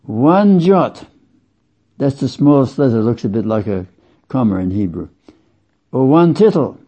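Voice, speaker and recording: Slow, emphatic male preacher. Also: mid-range voice. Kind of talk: sermon. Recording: dull lo-fi sound.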